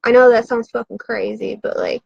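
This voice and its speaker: Woman, high voice, tipsy, profane, rambling livestream confessional; dry, dull lo-fi recording. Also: steady tone, a little fast, creaky, breathy edge, no room sound. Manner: profane, rambling, frantic storytelling. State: drinking.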